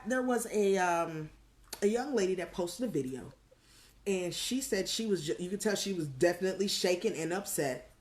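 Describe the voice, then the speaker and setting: Chatty woman on an echoey video call. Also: medium pitch. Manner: animated storyteller, acts out quotes. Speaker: co-host of a live call-in show. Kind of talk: casual chat, storytelling.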